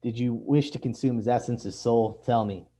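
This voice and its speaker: A man's voice: medium pitch, steady tone, normal speed, warm tone, lightly acted. A man reading as a stern, accusing aunt. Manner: accusing, probing questions. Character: stern aunt interrogating her undead nephew.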